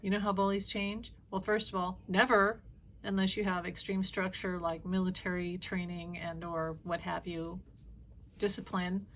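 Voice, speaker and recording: A woman giving a casual, opinionated monologue as a spiritual reader, blunt and animated, swearing freely. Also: medium pitch.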